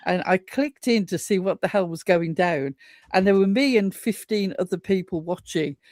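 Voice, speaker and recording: A woman's voice: lowish voice, normal speed, darkish tone, no echo, studio quality. A woman co-hosting a casual live-stream chat, telling stories with an indignant, chatty manner. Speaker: co-host.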